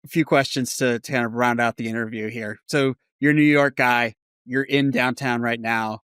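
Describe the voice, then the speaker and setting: A man's voice: mid-range voice, fairly even intonation, normal speed, a bit bright, smooth, dry recording, clean studio sound. A man hosting a podcast interview, asking questions in a friendly, easygoing way. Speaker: podcast host. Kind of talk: casual interview.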